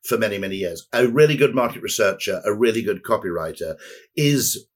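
A man's voice: lowish voice, lively intonation, brisk. A man as a podcast guest, talking in a rambling, anecdotal way with dry asides. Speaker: guest, advertising executive. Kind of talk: conversational podcast interview.

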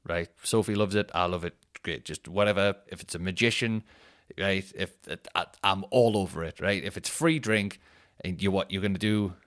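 A man hosting a podcast, telling rambling, jokey stories full of fillers and restarts. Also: on the low side. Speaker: podcast host. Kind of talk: casual storytelling.

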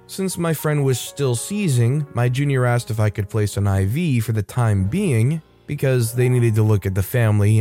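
A man reads a story aloud in a steady, matter-of-fact manner. His voice sits at a middle pitch, with soft guitar music playing underneath. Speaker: story narrator. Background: faint guitar music.

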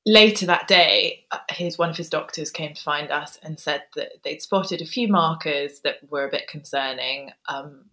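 A woman in her thirties, a guest author telling a personal story in an interview, soft-spoken and hesitant, pausing often with ums. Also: low voice, poor audio.

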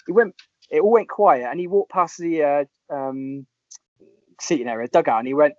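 Lively man telling football stories. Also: fairly high pitch, normal speed, no room sound. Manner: lively storyteller, puts on voices in anecdotes. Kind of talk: casual chat. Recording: dull lo-fi sound.

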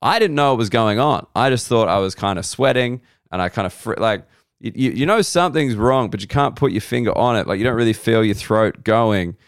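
A man's voice: mid-range voice, expressive, a little fast, smooth, no echo, studio quality. A young Australian man hosting a podcast, telling a rambling, profane, self-mocking comic story in casual chat. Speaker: podcast host. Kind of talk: casual comedic monologue.

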